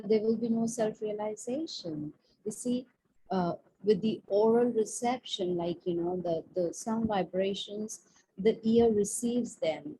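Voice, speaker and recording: Woman giving a scripture class on a video call, mellow and very breathy, chatty storyteller. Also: medium pitch, poor audio. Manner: conversational, storytelling with frequent "you see". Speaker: spiritual teacher.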